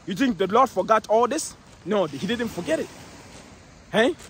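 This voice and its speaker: A man preaching in the street, emphatic and repetitive, reading scripture slowly and calling out to listeners. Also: sits high, expressive, fairly bright tone, slight background noise. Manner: emphatic, repeats phrases, reads scripture slowly, calls out "eh?".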